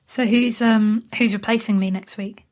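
A woman's voice: medium pitch, fairly even intonation, normal speed, darkish tone. A young woman from Britain co-hosting a podcast, telling a story in casual chat with many hesitations. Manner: hesitant, many ums and likes. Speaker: podcast co-host.

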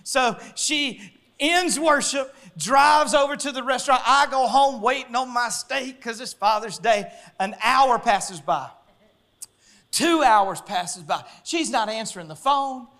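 A man, preaching a sermon as pastor and telling a story with lively acted-out voices. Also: extremely high pitch, unhurried. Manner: animated storyteller, acting out voices, laughing.

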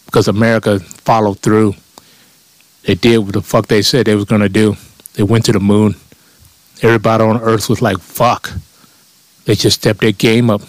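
A man's voice: lowish voice, dry recording. A man delivering a blunt, profane comedic rant and mocking his critics.

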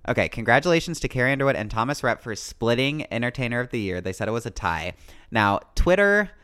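A man's voice: medium pitch, quick pace, a bit bright. A man co-hosting a podcast, chatting casually in an upbeat, playful way. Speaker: podcast co-host. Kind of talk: casual chat.

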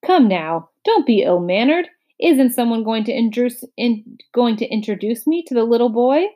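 A woman's voice: fairly high pitch, animated, moderate pace, mellow. A woman voicing a pompous, boastful old male humbug bug in a storybook read-aloud, blustering and grandiose.

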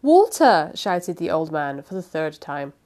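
A woman's voice: low voice, fairly even intonation, measured pace. A woman hosting a podcast, chatting casually and then reading a classic novel aloud with expression. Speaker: podcast host and reader.

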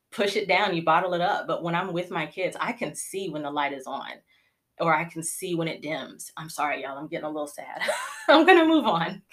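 A woman's voice: lowish voice, fairly bright tone. A woman in her thirties hosting a casual live-stream Q&A about homeschooling, chatty and rambling, getting emotional and laughing. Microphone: phone or computer mic, live stream.

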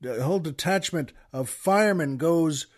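A man's voice: on the high side, normal speed. A man hosting a podcast, casually telling a joke as a rambling storyteller with many restarts. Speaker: podcast host.

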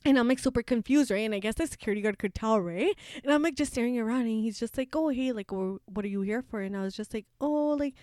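High-voiced young woman telling a story. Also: quick pace, hardly any pauses, darkish tone, no room sound, clean studio sound. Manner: storytelling with constant fillers and acted-out quotes; laughs often. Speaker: law student. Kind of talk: casual chat.

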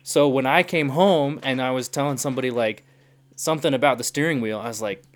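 A man's voice: medium pitch, a little fast, a little hiss or hum. A young man from the United States chatting casually and telling stories, laughing often as he talks. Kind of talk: casual chat.

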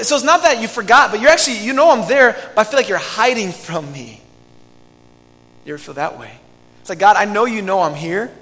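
A man preaching a sermon as pastor, earnest and pleading, moving between loud emphasis and hushed lines. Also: very high voice, big-room sound, low-quality recording.

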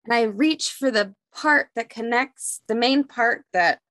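A young woman on a chatty talk show telling a long personal story, animated and acting out the voices of the people in it. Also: a little high, unhurried, dry recording. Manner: animated storyteller, acts out quotes in raised voices. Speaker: podcast co-host. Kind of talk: casual chat, storytelling.

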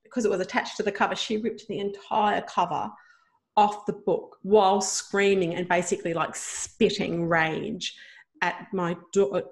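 A middle-aged woman, a guest telling a personal story in an emotional, animated way with many fillers. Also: medium pitch, normal speed.

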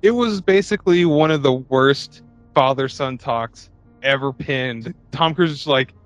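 A man's voice: mid-range voice, unhurried, muffled recording, soft background music. A man in casual comedic chat about a film, joking and riffing with friends. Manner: jokey, acts out quotes in silly voices. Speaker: podcast co-host.

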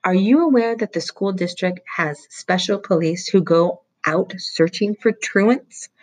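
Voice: medium pitch, measured pace, pitched above the performer's own voice, close to an everyday voice. A reader putting on an acid, stern vice principal woman. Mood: accusing. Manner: acid and accusing. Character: stern middle-aged female vice principal. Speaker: teacher reading a novel aloud.

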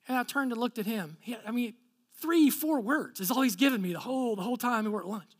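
A pastor telling a story from the pulpit in a conversational way. He acts out each person's lines, then drops low and soft when he makes his serious points. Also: lively intonation, fast, husky. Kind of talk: storytelling sermon.

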